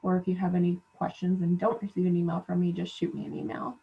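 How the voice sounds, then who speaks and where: A woman college instructor giving relaxed class reminders with lots of "um" fillers, while feeling unwell. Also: on the low side, fast, gravelly. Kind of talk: recorded class announcements. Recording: dull lo-fi class recording.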